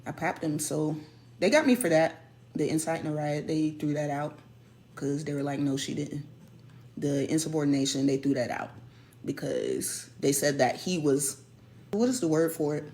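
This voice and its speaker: A woman telling a personal story in a casual, animated way, stressing and repeating her points. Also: low-pitched, normal speed. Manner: animated, emphatic, repeats key phrases.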